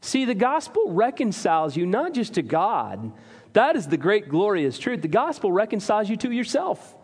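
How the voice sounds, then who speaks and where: A man's voice: sits high, huge pitch swings, moderate pace, slightly rough. A man preaching a sermon as a pastor, talking to his congregation in an earnest, conversational way with self-deprecating humor. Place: church sanctuary. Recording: reverberant hall.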